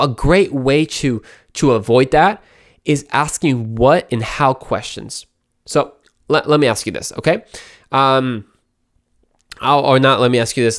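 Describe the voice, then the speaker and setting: A man hosting his own show, giving casual, earnest advice to listeners and often restarting his words as he acts out short example conversations. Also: a little high. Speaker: podcast host. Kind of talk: casual advice talk to camera.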